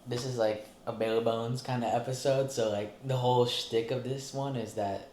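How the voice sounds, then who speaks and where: A man's voice: mid-range voice, fairly even intonation, moderate pace, a little mellow. A young man co-hosting a podcast, chatting casually and rambling with lots of fillers, recorded in an apartment. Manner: rambling, filler-heavy, laughs often. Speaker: podcast co-host. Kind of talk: casual chat. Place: apartment room. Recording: echoey room with faint ambient noise.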